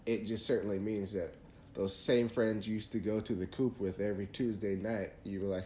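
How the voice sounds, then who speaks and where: A man's voice: fairly low pitch, steady tone, fairly quick, mellow, roomy sound, slight background noise. A man hosting a podcast, talking earnestly through faith advice in a casual monologue, often restarting phrases. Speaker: podcast host.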